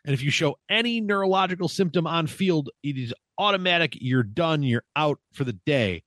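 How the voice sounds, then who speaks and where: A man's voice: on the high side, lively intonation, normal speed, a bit bright, no echo, clean studio sound. A man co-hosting a sports podcast, delivering sarcastic, profane tirades. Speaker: podcast co-host. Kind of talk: casual sports chat.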